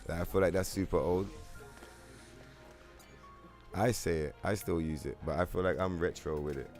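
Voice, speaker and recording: Deep-voiced London streamer, slangy chat. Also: male voice, steady tone, moderate pace, darkish tone, soft background music. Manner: loose slangy banter, swearing, answering chat. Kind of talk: casual gaming stream chat.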